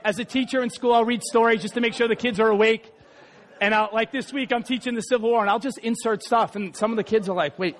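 Chatty high-voiced preacher man. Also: fairly bright tone. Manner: chatty, self-deprecating, many asides. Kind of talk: sermon.

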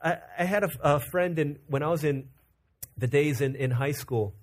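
A man from Virginia preaching a conversational, animated sermon as pastor. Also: on the high side. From Virginia, USA. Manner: conversational and animated, acting out quick character quotes.

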